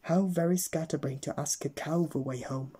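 Man reading a children's story, dark husky voice. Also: a little high, normal speed. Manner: playful, storytelling. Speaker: storybook reader.

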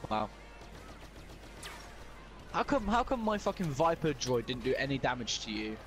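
A young man playing an online shooter with a friend, loud and excitable, swearing and laughing often. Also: medium pitch, moderate pace. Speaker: gamer streamer. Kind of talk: excited gaming banter.

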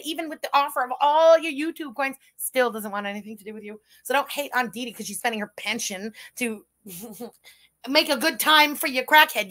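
A woman's voice: on the high side, bright, forceful tone. A woman hosting a live reaction stream, answering a clip with sarcastic, mocking retorts.

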